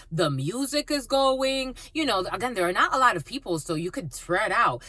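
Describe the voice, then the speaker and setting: A woman's voice: fairly high pitch, big pitch swings, normal speed, hardly any pauses, bright, forceful tone, dry recording. A woman reading cards for her viewers, telling a story in a blunt, profane, casual way. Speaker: psychic card reader.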